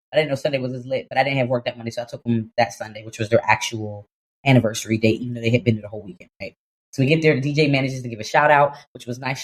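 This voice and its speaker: A young adult woman co-hosting a podcast, telling a story in casual chat, animated and laughing, slipping into voices for the people in it. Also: very deep voice. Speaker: podcast co-host.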